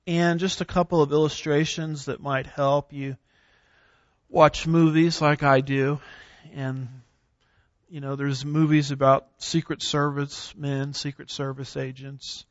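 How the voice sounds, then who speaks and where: Man lecturing on theology, slightly high. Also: a bit bright, no room sound, highs cut off. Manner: reads scripture slowly with emphasis; clears throat, occasional fillers. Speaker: theology teacher. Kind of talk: classroom lecture on doctrine.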